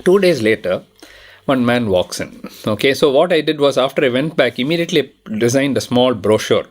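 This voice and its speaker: Animated Indian man telling a story. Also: medium pitch, brisk. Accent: Indian English. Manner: animated, quotes people in lively voices, laughs often. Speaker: devotee sharing a personal story. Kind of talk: conversational storytelling.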